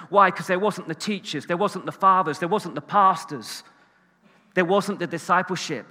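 A man preaching a sermon, animated and emphatic, swinging between loud bursts and hushed asides. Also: sits high, long reverb tail.

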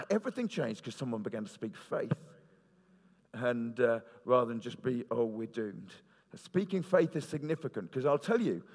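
A man preaching a sermon in church, earnest and storytelling, with fillers and restarts. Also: mid-range voice. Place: church hall. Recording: reverberant church hall.

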